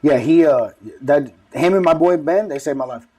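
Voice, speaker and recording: A man's voice: fairly high pitch, moderate pace, recorded from a distance, a crowd in the background. A man, telling his life story as an interview guest in profane, slangy, rambling talk. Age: 30s. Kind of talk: casual street-talk storytelling.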